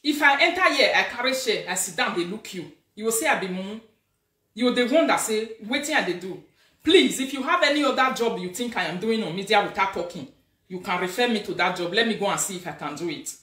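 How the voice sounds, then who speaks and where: A woman with a Nigerian accent hosting a live video as a social media influencer, talking in an animated, scolding, emphatic way. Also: mid-range voice, fast, far from the mic. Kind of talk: casual live-stream rant. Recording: echoey room, away from the mic.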